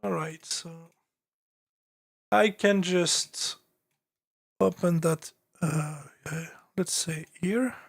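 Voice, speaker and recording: A man's voice: sits high, very slow, creaky, long pauses, breathy edge, dry recording, clean studio sound. A man with a French accent talking casually on a live stream as he produces music, thinking aloud with many fillers and restarts.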